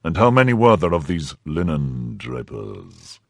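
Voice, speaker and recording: A man voicing a powerful older cardinal who questions in a measured, probing way and commands quietly. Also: deep voice, huge pitch swings, creaky, no echo, heavily acted. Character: powerful older male cardinal, cold, calculating.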